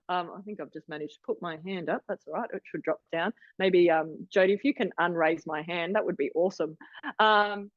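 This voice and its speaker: A woman's voice: mid-range voice, no room sound. Woman in her 40s running a zoom workshop, chatty and encouraging, dry dull call audio. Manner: chatty and encouraging, with frequent restarts. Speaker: practitioner leading a workshop. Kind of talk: online wellness workshop talk. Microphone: video call.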